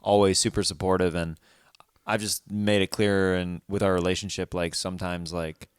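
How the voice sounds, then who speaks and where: Male podcast host; animated banter, smooth low voice, dry recording. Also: moderate pace, no room sound. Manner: animated, joking, with many restarts. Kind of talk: casual chat.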